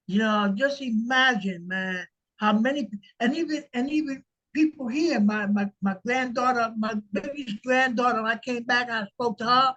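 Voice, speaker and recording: An older man in a reading group call, telling a story in a halting way with many repeated words. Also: very high voice, bright, forceful tone, dull audio. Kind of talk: casual storytelling in group discussion.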